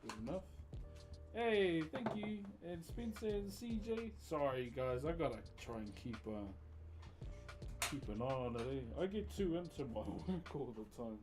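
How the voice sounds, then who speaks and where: A relaxed young man with a New Zealand accent chats to his livestream audience through a headset, calling out names and places. His voice sits on the high side, and clear music plays in the background. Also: unhurried. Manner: relaxed, chatty, reads out chat. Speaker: live streamer. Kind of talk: casual livestream chat.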